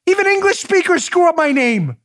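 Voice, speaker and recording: Animated, high-voiced male podcast host. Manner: incredulous, rapid-fire rhetorical questions; sarcastic, mocking asides. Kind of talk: political commentary monologue.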